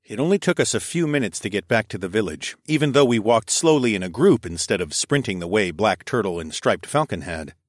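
A man reading a first-person story aloud, expressive and sometimes dropping to a whisper. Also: mid-range voice, no echo, studio quality. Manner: expressive, shifts into whispers for dialogue. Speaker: audiobook narrator.

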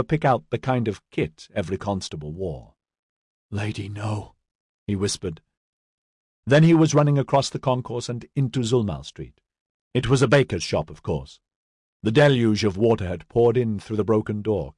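A man reading a fantasy story aloud as audiobook narrator, in a measured, steady way. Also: lowish voice, slightly rough, no echo, clean studio sound. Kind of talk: scripted narration.

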